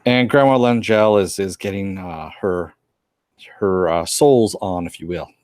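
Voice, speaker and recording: A man's voice: deep voice, measured pace, darkish tone, no echo, studio quality. A man co-hosting a casual review chat, retelling scenes and briefly acting out the characters' lines. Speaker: podcast co-host reviewing a TV episode.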